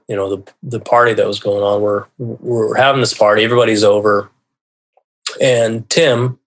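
A man who is a guest on a podcast, telling a personal story. His voice sits on the lower side, and his delivery is halting and earnest, circling back to restart his sentences as he works through painful memories. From United States.

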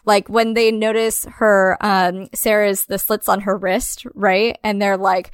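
A woman's voice: medium pitch, flat delivery, measured pace, hardly any pauses, clean tone, no room sound, studio quality. A woman in a casual chat about a film, rambling with lots of filler words and quoting characters and herself. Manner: rambling, full of "like" fillers, quotes people in a put-on voice.

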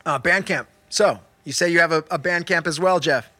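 A man hosting a podcast, reacting with excitable, swearing, animated chatter. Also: on the high side, normal speed, no echo. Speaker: podcast host. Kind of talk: casual chat.

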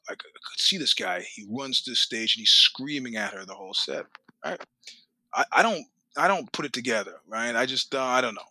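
A middle-aged man telling stories as a podcast guest, animated and profane, laughing often and acting out what people said. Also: mid-range voice, no room sound. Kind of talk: storytelling in a casual interview.

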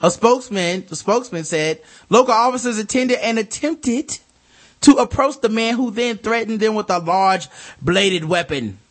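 A man's voice: sits high, normal speed. A man co-hosting a casual comedy podcast, reading listener mail and news stories aloud and riffing on them with lots of swearing and jokes. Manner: profane, joking, reads news aloud with riffs. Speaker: podcast co-host.

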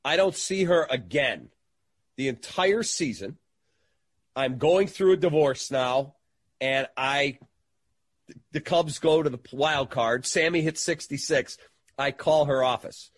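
A middle-aged man recounts a story as a guest, throwing himself into it and mimicking everyone he quotes. His voice is husky and slightly rough at the edges. The sound is dry and close, with no room around it. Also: fairly high pitch, takes it slowly, pauses often, dry recording. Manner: animated storyteller who acts out quoted voices. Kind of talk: storytelling in an interview.

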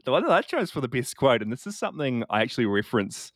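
A man co-hosting a casual film chat, relaxed and rambling, laughing along as he talks. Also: mid-range voice, fast talker, no echo, studio quality. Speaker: podcast co-host.

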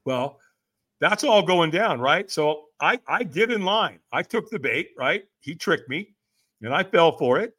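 This personal development coach, a middle-aged podcast guest, tells a lively story at a measured pace in a high, bright, forceful voice. His pitch rises and falls widely as he impersonates people in the tale, and he keeps asking "right?" to draw the listener in.

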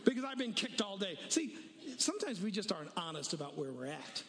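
A man's voice: sits high, big pitch swings, fairly quick, vocal fry, long reverb tail, crowd noise. A man preaching a sermon, telling a story with voices for each person and daring listeners to pray honestly. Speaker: pastor.

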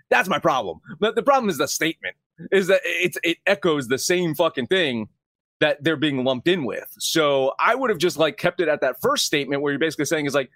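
A man co-hosting casual sports talk, his pitch swinging widely as he argues. He swears freely and circles back to restart his thoughts. The sound is dry and close. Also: a little fast, no echo. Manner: animated, profane, rambling with restarts. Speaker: sports podcast co-host.

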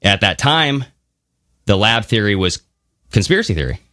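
Male podcast co-host, low and sharp-toned, animated casual delivery, dry studio sound. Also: normal speed, no room sound. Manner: animated, swearing, mocking voices. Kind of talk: casual conversational podcast talk.

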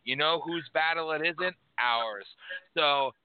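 A man's voice: a little high, slow, a little hiss or hum. A man hosting a call-in political radio show on a headset, ranting in a brash, profane, sarcastic way. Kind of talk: casual political radio chat. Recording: tinny phone-like audio.

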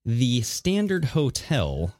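A man's voice: medium pitch, slow. Podcast guy chatting politics, sarcastic, laughs a lot, voice swings up and down. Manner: animated, mocking, laughs often. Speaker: podcast co-host. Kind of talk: casual political chat.

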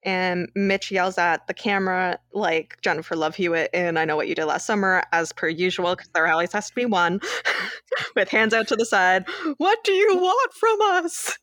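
A woman's voice: lowish voice, fairly even intonation, normal speed, fairly bright tone, no echo, clean studio sound. A woman from Canada co-hosting a podcast, recapping a movie in a sarcastic, casual way and laughing often. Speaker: podcast co-host.

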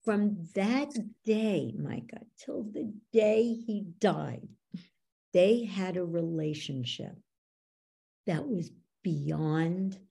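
Gravelly, husky woman coach. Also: lowish voice, drawn-out words. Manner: animated storyteller, acts out quoted dialogue. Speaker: belief coach, podcast guest. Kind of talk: conversational teaching with anecdotes.

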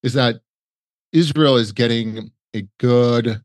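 A man's voice: mid-range voice, slow, no room sound. A man as a podcast guest, chatting casually and rambling with many restarts. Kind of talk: casual conversational storytelling.

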